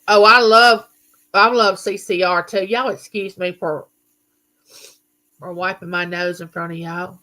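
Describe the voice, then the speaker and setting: Lady doing a live chat, chatty, reads comments out loud, bright clear voice. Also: fairly low pitch, fairly even intonation, a little slow, long pauses. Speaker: livestream host.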